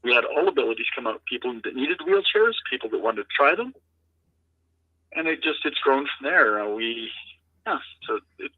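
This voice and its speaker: A man's voice: medium pitch, animated, dry recording. Earnest man on a tinny phone line. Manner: earnest, halting, heartfelt. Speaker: guest, founder of an adaptive lacrosse program. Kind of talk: interview storytelling. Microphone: remote call-in.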